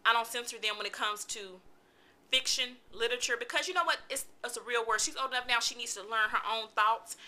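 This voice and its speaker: A chatty woman in her thirties with a very bright, forceful voice pitched a little high. She reviews a book in a casual vlog, talking animatedly and venting with exclamations. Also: a little fast.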